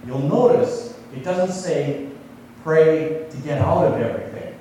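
A man's voice: on the high side, a little slow, warm tone, a little hiss or hum. A man preaching a sermon, speaking conversationally and putting questions to his listeners. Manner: conversational, asks the congregation questions. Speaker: pastor. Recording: echoey hall, voice from far off.

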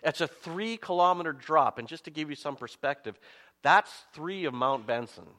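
Lively, bright-voiced male pastor. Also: fairly high pitch, moderate pace, in a large hall. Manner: animated storytelling with self-mocking humor. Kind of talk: sermon.

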